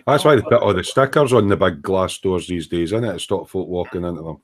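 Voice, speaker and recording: Scottish host with a lowish voice, dry teasing, easy back-and-forth chat. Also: male voice, quick pace. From Scotland. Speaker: host of a live stream. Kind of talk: casual banter.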